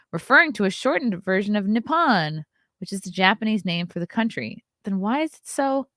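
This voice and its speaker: A woman's voice: medium pitch, a bit bright, no echo, clean studio sound. A woman hosting a casual morning livestream, chatting and reading headlines aloud with sarcastic asides, sometimes dropping to a whisper. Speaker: host of a morning livestream show.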